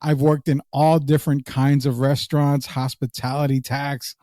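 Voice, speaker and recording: A man's voice: medium pitch, level tone, normal speed, mellow, no room sound. Man, sports podcast co-host, joking, reads comments, dry recording. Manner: loose, joking, reads live comments aloud. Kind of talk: casual sports podcast chat.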